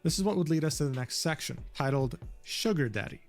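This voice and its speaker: A man reading a narration aloud in a steady way, quoting text messages from screenshots. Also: on the high side, a little fast, faint music behind. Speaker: narrator of a drama video.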